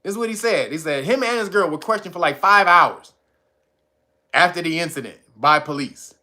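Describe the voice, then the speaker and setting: A man's voice: on the high side, moderate pace. A man telling a story in casual commentary, swearing freely and slipping into voices for the people he quotes. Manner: animated, swearing, retelling stories with acted quotes.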